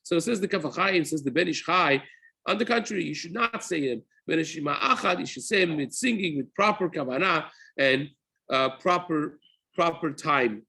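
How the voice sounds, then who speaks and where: A middle-aged rabbi leads a daily study session, his voice pitched high with a bright, slightly husky tone. He explains patiently, circling back to rephrase points and dropping Hebrew terms into his English. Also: moderate pace. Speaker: rabbi teaching daily halacha. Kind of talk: spoken Torah class.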